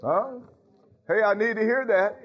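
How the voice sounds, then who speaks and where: A man's voice: high-pitched, measured pace, muffled recording. A man preaching as a pastor, calling out to his congregation with frequent hallelujahs. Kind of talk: sermon.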